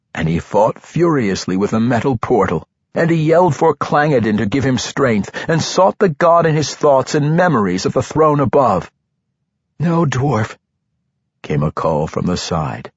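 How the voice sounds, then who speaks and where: A man reading fantasy narration for an audiobook in an expressive, dramatic way. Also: medium pitch, slightly rough, dry recording, highs cut off.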